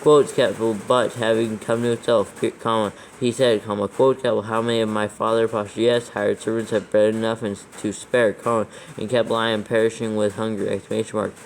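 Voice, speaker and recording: A man's voice: lowish voice, level tone, a little fast, hardly any pauses, slight background noise, low-quality recording. A man dictating scripture aloud for proofreading, steadily reading the text and naming every comma, capital and quote mark.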